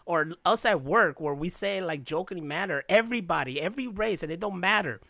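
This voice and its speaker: A man's voice: sits high, a little fast, creaky, bright, forceful tone, no room sound. A man from Chicago in casual podcast chat, rambling through a personal story and acting out the voices of people he quotes. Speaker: podcast co-host.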